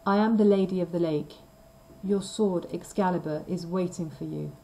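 A woman reading the lines of a magical lady of a lake in a storybook reading, quick and announcing. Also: fairly low pitch, mellow, distant mic, close to an everyday voice, poor audio.

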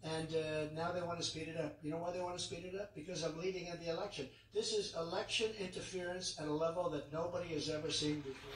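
Rally speaker, man, fairly high voice, repetitive and emphatic, heard from a distance in a big arena. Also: fairly even intonation, quick pace, hardly any pauses, noisy background. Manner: repetitive, emphatic, rambling asides. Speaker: political candidate. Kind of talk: campaign rally speech. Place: large indoor arena. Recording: echoey arena, distant mic.

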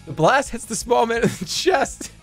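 A man's voice: extremely high pitch, animated, normal speed, faint music behind. A man streaming a text game, reading its lines aloud with wry, joking asides and free swearing.

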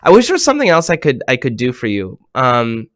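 A man hosting a children's program over a video call, talking animatedly and swinging between hushed and excited tones. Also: medium pitch, quick pace, no echo, clean studio sound.

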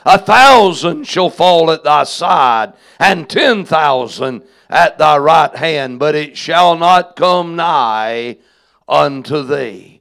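A man serving as pastor, reading scripture in a solemn, deliberate sermon style. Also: a little high, lively intonation, creaky, a bit bright.

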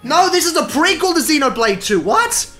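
A woman streaming a live reaction, excitable and foul-mouthed, bursting into shouts and laughter. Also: sits high, moderate pace, faint music behind.

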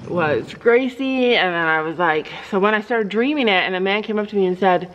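A woman chatting to the camera in a casual vlog, her voice sitting at an ordinary middle pitch. She tells stories in a loose, rambling way and often restarts her sentences. When she turns to her animals, she lifts into a high, sing-song tone. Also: normal speed, lo-fi sound, slight background noise. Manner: rambling storytelling with frequent restarts. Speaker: vlogger and horse owner.

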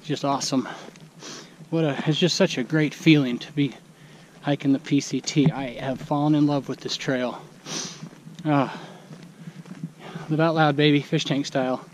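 Excited man vlogging on a trail. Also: a little high, moderate pace, pauses often, slight background noise, poor audio. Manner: enthusiastic, exclamatory. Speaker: hiker vlogger. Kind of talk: casual trail vlog. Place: outdoors on a mountain trail.

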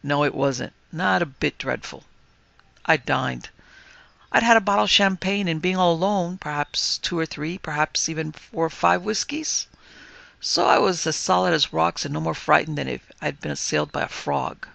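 A man who hosts a podcast, reading a ghost story aloud as dramatic narration with lively dialogue. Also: on the high side, moderate pace, creaky, no room sound. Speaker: podcast host and story reader. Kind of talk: scripted narration.

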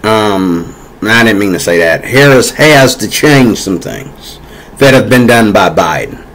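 A man's voice: on the low side, animated, unhurried, fairly bright tone, low-quality recording. Rambling, heated American man ranting. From United States. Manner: rambling, repetitive, heated with frequent fillers. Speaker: vlogger. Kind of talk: political opinion rant.

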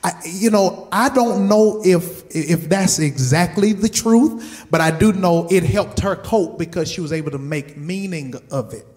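High-voiced man preaching with emphatic repetition. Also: unhurried, a little mellow. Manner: emphatic, repeats words for stress; asks the congregation direct questions. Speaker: pastor. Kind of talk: sermon.

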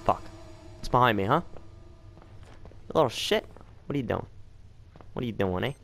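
A man's voice: on the low side, quick pace, creaky, fairly bright tone, a little hiss or hum. A man giving casual, profanity-filled commentary while playing a horror game, jumpy and nervously joking. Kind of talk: casual let's play commentary. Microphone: desk mic.

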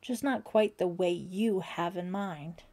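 A woman's voice: on the low side, slow pace, darkish tone. A woman voicing a nervous teenage girl who is a camp counselor, speaking hesitantly and earnestly.

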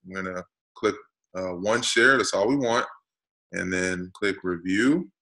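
A man's voice: low-pitched, measured pace, rough recording. A man co-hosting a family channel, casually explaining how to buy stock at home, with frequent uh fillers. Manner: relaxed, steady explaining with uh fillers. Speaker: co-host explaining stock investing. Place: indoors at a rented home.

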